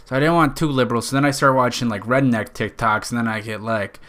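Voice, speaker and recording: A man's voice: mid-range voice, fairly even intonation, quick pace, fairly bright tone. A man with a nasal Western New York accent, hosting a podcast in a rambling, profane, jokey monologue. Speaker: podcast host.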